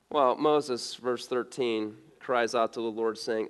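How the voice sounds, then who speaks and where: A man's voice: medium pitch, unhurried, hardly any pauses, a bit bright, clear, resonant tone. A male pastor preaching a sermon in a conversational way, asking rhetorical questions and often restarting his words.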